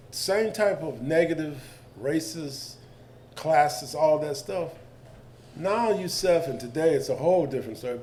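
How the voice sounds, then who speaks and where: On a discussion panel, a man in his seventies tells stories in an animated, colloquial way, slipping into the voices of the people he describes. His voice is on the high side, and there's slight background noise.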